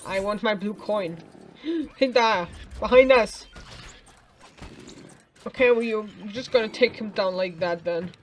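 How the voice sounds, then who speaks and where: A woman's voice: mid-range voice, measured pace, pauses often, a little hiss or hum. A woman casually commenting on a video game she is playing, chatting to the characters and making playful sound effects. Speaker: let's play gamer.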